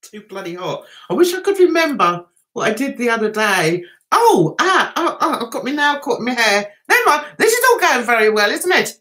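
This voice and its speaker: A woman hosting a casual livestream from home, chatty and excitable as she reacts to viewer comments, speaking into a computer or phone mic. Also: fairly high pitch, normal speed. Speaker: livestream host.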